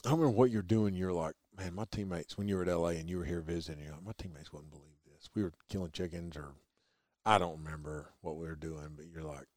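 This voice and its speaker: A man with a very low voice and a drawl hosts a laid-back podcast chat, rambling enthusiastically and joking as he goes. He talks fast in a slightly mellow tone, recorded close and dry with no room sound.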